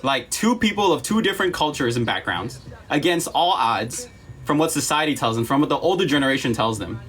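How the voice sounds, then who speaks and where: A man's voice: mid-range voice, animated, fairly quick, fairly bright tone. A man talking earnestly on a livestream, emphatic and apologetic, repeating himself and close to tears.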